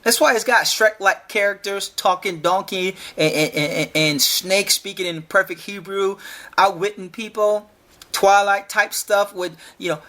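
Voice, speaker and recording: A man's voice: high-pitched, a little slow, sharp tone. A man hosting a solo podcast, arguing emphatically, repeating himself and firing rhetorical questions, stumbling over repeated words. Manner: repetitive, challenging with rhetorical questions. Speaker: podcast host. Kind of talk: argumentative solo podcast monologue.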